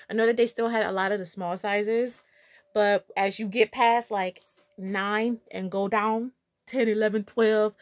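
A woman's voice: mid-range voice, no echo. A young woman vlogger gushing and chatting playfully while unboxing shoes. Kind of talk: casual unboxing vlog.

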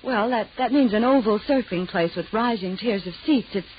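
A level-headed young woman who likes to explain things, voiced by an actress in 1940s radio acting style. Her voice sits at an ordinary pitch and sounds brisk. The broadcast is dull and lo-fi with a faint hiss. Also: close to an everyday voice. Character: sensible, knowing young woman.

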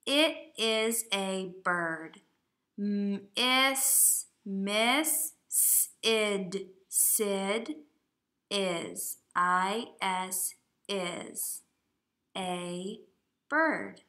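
Speaking extremely slowly, this woman's medium-pitched voice comes out pushed and bright. She's a kindergarten teacher giving a read-aloud lesson, sounding out each word of a simple story letter by letter for young children.

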